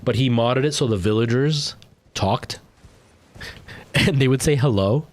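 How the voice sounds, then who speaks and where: A man's voice: medium pitch, unhurried. A man streaming a game live, rambling and thinking aloud as he plays, often poking fun at himself. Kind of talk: live gameplay commentary.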